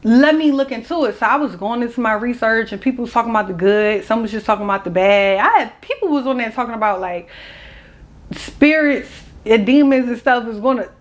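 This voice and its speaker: A woman's voice: a little high, lively intonation, brisk. A young woman, telling a personal story in a casual, candid and emotional vlog. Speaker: vlogger.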